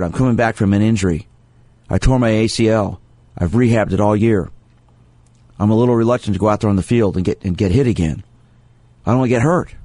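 Earnest low-voiced man hosting a radio show. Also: a little fast, pauses often, darkish tone, no room sound. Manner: earnest, emphatic with repeated phrases. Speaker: sports psychologist and radio show host. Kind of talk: radio talk monologue taking calls.

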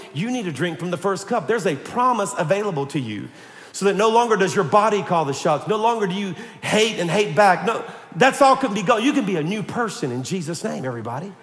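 A man pastor delivering an energetic, animated sermon to his congregation, calling for amens. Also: high-pitched, fairly quick. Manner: energetic, animated preaching with call-and-response. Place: church sanctuary. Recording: echoey church hall.

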